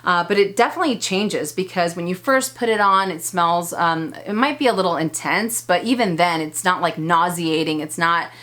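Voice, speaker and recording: A woman's voice: lowish voice, normal speed, few pauses, fairly bright tone. A woman in her thirties giving a casual, chatty product review as a vlogger, enthusiastic and full of fillers. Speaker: beauty vlogger.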